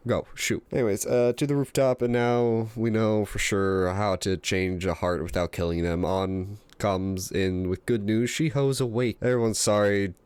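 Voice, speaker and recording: Man, low voice, game commentary, sweary, self-mocking, dry close sound. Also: steady tone, normal speed, few pauses, darkish tone, clear, resonant tone, dry recording. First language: English. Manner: sweary, self-deprecating, joking. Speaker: let's-play commentator. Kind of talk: casual game commentary reading a script.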